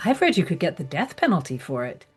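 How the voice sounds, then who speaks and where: A woman's voice: fairly low pitch, very animated, quick pace, soft background music. A woman narrating a scripted audio drama in a haughty manner, with archaic phrasing and French interjections. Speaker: narrator and investigator.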